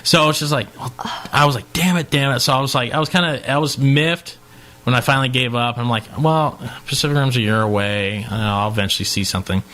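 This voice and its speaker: Animated man telling a long story. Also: mid-range voice, fast. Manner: animated storyteller, acts out quotes, swears. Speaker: podcast co-host. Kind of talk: casual chat, long anecdote.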